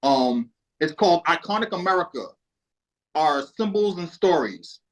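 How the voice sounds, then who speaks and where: A man's voice: on the high side, animated, moderate pace, rough recording. A man from Boston, a guest on a podcast, telling a laid-back, profane story in casual conversation. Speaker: podcast guest, music historian.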